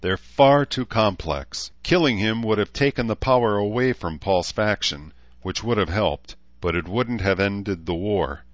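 A man voicing a calm, thoughtful male noble commander who explains things in a reasoned, measured way, in an audiobook. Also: on the low side, no room sound, lo-fi sound, natural voice. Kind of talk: audiobook character voice.

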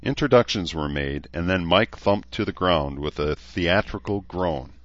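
A man narrating an audiobook in a steady, even storytelling manner. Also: deep voice, a little slow, no room sound, lo-fi sound. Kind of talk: scripted narration.

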